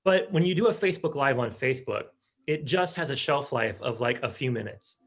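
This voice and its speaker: A man guest explaining his work on a talk show in a measured, explanatory way. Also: mid-range voice, animated, husky, soft background music. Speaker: guest, video editor. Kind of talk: casual chat.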